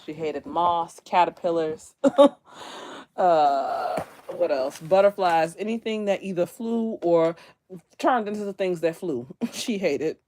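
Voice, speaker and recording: A woman's voice: low-pitched, a little mellow, slight background noise. A woman chatting casually on a livestream from her room, laughing often and telling stories animatedly. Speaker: livestream host. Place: bedroom near closet, indoors.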